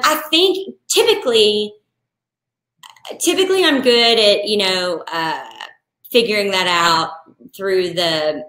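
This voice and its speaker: A woman, a wedding florist, talking casually on a live stream and answering viewer questions in a chatty, animated way. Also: medium pitch, roomy sound. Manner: chatty, animated, acts out clients in quoted voices. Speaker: wedding florist and business coach.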